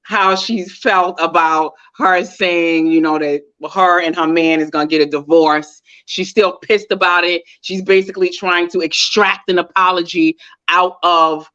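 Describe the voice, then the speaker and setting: A woman chats through a reality show recap, retelling scenes with animated commentary. Her voice comes through dull, lo-fi audio that lacks crispness. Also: fairly low pitch, a little slow. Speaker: podcast co-host. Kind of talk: casual reality TV recap chat.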